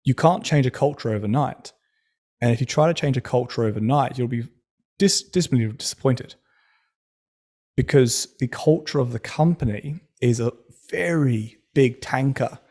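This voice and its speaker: A man's voice: mid-range voice, normal speed, a little mellow. Tangent-prone man hosting a chat. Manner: enthusiastic storyteller, goes off on tangents. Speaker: podcast host. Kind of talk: casual conversational interview.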